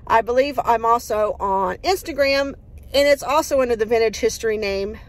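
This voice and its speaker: A cheerful woman talks loosely to her followers outdoors, wandering from topic to topic with plenty of "uh"s. Her voice sits a little high for a woman, friendly and folksy. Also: moderate pace. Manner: folksy and upbeat, rambling with fillers. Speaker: vlogger. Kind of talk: casual chatty vlog.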